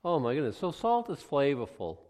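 A man's voice: fairly high pitch, big pitch swings, a little fast, a little mellow, in a large hall. A man preaching a folksy, conversational Bible lesson, rambling with frequent restarts and homely asides. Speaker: pastor.

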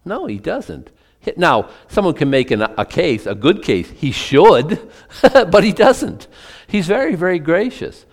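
A man's voice: fairly high pitch, very animated, unhurried. A man giving a conversational Bible-teaching sermon as pastor, asking his listeners questions and adding chatty asides between scripture readings. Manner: asks the congregation questions, chatty asides, reads from old scripture.

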